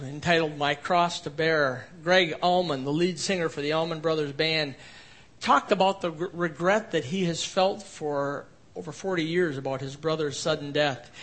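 High-voiced pastor preaching with swinging emphasis. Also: male voice, moderate pace. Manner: swings between emphatic rises and quiet low passages. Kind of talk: expository sermon.

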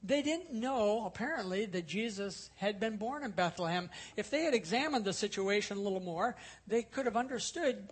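A man's voice: sits high, animated, moderate pace, hardly any pauses, slightly rough. A male pastor teaching a sermon, explaining scripture earnestly and repeating key points for emphasis. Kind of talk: expository sermon.

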